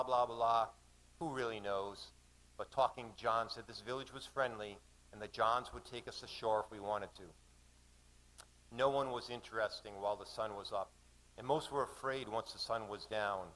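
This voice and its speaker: A man poet performing a spoken-word story in a measured, vivid recitation at a live reading in a cafe. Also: mid-range voice, fairly bright tone, rough recording.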